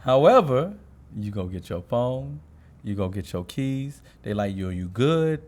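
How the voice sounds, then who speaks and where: A man co-hosting a casual podcast conversation, talking in an animated way and slipping into quoted street talk. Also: mid-range voice, unhurried. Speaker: co-host. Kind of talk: casual chat.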